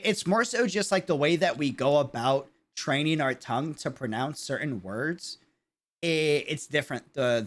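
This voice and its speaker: A man's voice: mid-range voice, a bit bright. A man with a New York accent giving casual livestream commentary, rambling and searching for his words. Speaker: streamer.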